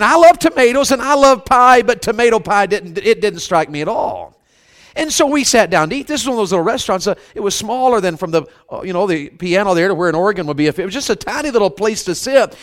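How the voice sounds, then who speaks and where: High-voiced man preaching a folksy sermon. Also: fairly bright tone. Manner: humorous storytelling, asks the crowd for amens; folksy and conversational. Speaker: revival preacher.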